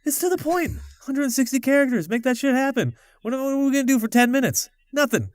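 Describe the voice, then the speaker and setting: A man with a notably high, swooping voice chats loosely on a podcast. He rambles, swears, laughs often, and jumps into louder quoted voices. His pitch leaps all over. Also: very animated, quick pace, no echo. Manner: acts out quoted people in a louder, higher voice. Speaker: podcast co-host. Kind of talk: casual chat.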